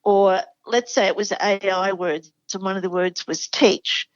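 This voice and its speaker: Her mid-range voice stays fairly even and measured, with few pauses, as this Australian literacy educator enthusiastically covers classroom spelling in a podcast conversation where she's a regular. The highs are cut off and there's no room sound.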